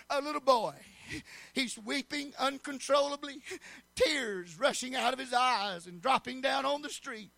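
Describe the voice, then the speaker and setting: A male preacher with a very high, bright, sharp-edged voice and a gravelly fry running through it. He tells his story in a calm, low register, then works up into rhythmic, shouted preaching. The sound is close and dry. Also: no room sound. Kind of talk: sermon.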